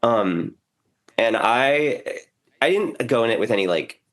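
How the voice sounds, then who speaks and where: A young American man co-hosting a podcast, sounding hoarse from a cough and chatting in an animated way. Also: medium pitch, a little slow. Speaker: podcast co-host. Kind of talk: casual chat.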